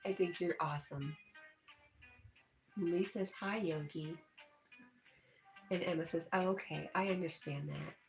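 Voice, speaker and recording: A woman's voice: on the low side, steady tone, moderate pace, gravelly, pauses often, faint music behind. A woman in her sixties hosting a livestream, reading out viewer comments and greeting people by name with chuckles. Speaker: livestream host.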